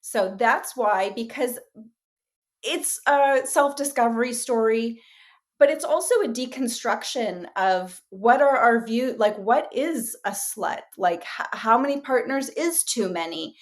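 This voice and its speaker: A woman actress and writer talking in a casual interview, animated and chatty with lots of fillers and quick asides. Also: a little high.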